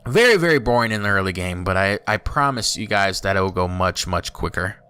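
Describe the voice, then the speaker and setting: Male YouTuber, let's play commentary; bright tone, swooping pitch, excited outbursts. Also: fairly quick, smooth. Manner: chatty, thinking aloud, bursts of excited exclaims. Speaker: YouTuber playing a strategy game.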